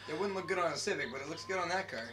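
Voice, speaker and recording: A young adult man, the son, chatting and joking casually alongside his father's gameplay. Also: a little high. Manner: quick, animated, joking. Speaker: co-commentator, son. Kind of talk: casual chat over gameplay.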